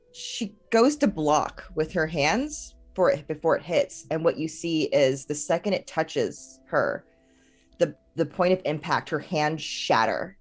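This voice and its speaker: A woman player in a tabletop role-playing game, talking quickly and a little flustered. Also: deep voice.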